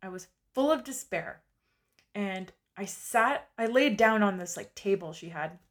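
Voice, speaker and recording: A woman's voice: mid-range voice, lively intonation, unhurried. A woman in her forties telling her own story in a candid, confessional monologue with casual fillers.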